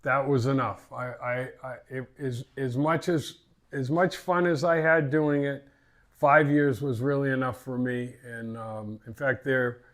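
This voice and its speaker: A man's voice: mid-range voice, fairly even intonation, unhurried. An older man with a Boston accent, a fishing captain telling stories in a casual interview, rambling and repeating words. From Massachusetts.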